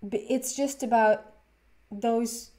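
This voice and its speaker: Mellow-voiced woman in her thirties, tarot reader, rambling and giggly storyteller. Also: fairly high pitch, fairly even intonation, takes it slowly. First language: Swedish. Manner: rambling and giggly, many fillers and restarts. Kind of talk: casual storytelling to camera.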